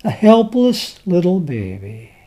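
A male preacher who delivers a sermon at an unhurried pace, letting his voice rise and fall widely. His tone is mellow and warm, and he reads scripture in old-fashioned wording with dramatic swells in loudness. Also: sits high, wildly swooping pitch.

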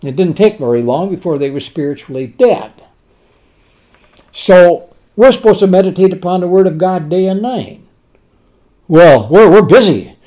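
Lively preacher asking and answering questions. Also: male voice, high voice. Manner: asks rhetorical questions and answers them himself; slows down and drops to a soft voice on tender words. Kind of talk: sermon.

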